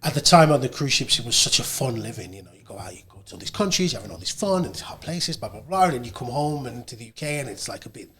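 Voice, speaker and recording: English male guest, medium voice, relaxed anecdotal chat. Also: mid-range voice, fast, hardly any pauses. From England. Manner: relaxed storytelling, animated when quoting others. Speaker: guest, radio presenter and producer. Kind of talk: casual conversation.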